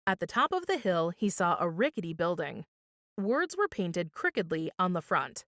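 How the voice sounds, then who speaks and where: Woman, children's storytime reader, animated, dry close sound. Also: lowish voice, moderate pace, no room sound. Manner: expressive, lively reading. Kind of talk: children's storytime read-aloud.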